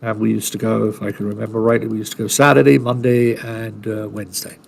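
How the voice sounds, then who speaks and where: Gravelly, blunt podcast storyteller, a man. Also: lowish voice, little pitch movement, quick pace, a little hiss or hum. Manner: blunt, salty, rambling with many restarts. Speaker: podcast co-host.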